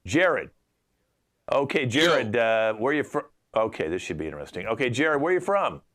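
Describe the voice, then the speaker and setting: A man hosting a mock radio tax call-in show in an improv comedy show, exasperated and dishing out deadpan put-downs. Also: mid-range voice, normal speed. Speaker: improv host playing radio tax advisor. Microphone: video call.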